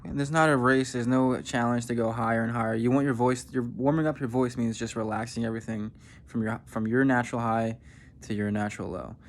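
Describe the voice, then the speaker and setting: A man giving a vocal warm-up lesson as a voice coach, explaining and demonstrating techniques. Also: medium pitch, fairly even intonation, a little fast, slight background noise. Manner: instructive, demonstrating sounds.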